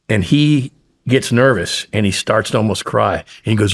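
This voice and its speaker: A middle-aged man from the United States tells his story in a casual interview. His voice sits low and has a gravelly, gritty edge, and he throws himself into the voices of the people he quotes, swearing freely along the way. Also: very animated, moderate pace, pauses often. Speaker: podcast guest.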